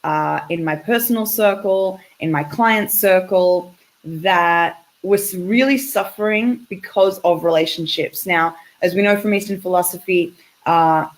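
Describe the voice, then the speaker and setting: A woman's voice: fairly low pitch, poor audio. An Australian woman in her thirties, a relationship coach chatting effusively as a guest over a video call. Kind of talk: casual interview over a call.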